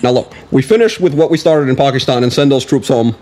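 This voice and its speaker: A man doing a comic impression of a male US president, opening each answer with a slow, deliberate phrase. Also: medium pitch, warm tone, lightly acted. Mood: mock-presidential.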